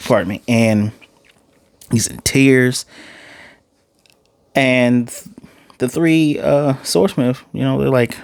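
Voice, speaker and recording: A man giving a casual, animated recap and reaction to an anime episode, acting out the characters' lines in quick asides. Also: mid-range voice, vocal fry, clean tone, no room sound, studio quality. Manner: loose and chatty, with fillers and self-corrections. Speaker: anime reviewer.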